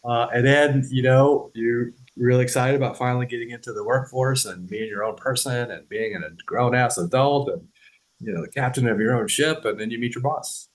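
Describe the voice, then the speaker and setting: A man's voice: medium pitch, a little fast, rough recording. Casual, loose-talking man on a podcast. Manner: loose and conversational, swears, laughs, keeps asking "right?". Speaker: podcast host. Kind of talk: casual explanatory podcast talk.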